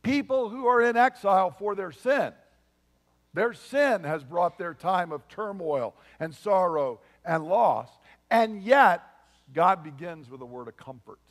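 A pastor preaching a sermon in an earnest, emphatic way, with frequent asides to the congregation. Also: male voice, high-pitched, expressive, unhurried, long reverb tail.

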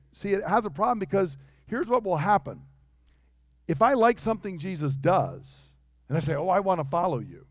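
High-voiced pastor preaching with emphasis. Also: male voice, no room sound, clean studio sound. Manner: acts out quoted voices, emphatic and conversational. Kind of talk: sermon.

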